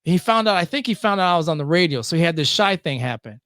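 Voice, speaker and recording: A middle-aged man with a high voice tells stories as a podcast guest, slipping into the voices of the people he quotes. The recording is dry and close, with no room sound. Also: expressive, quick pace, a bit bright, no echo. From Michigan. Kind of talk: animated storytelling.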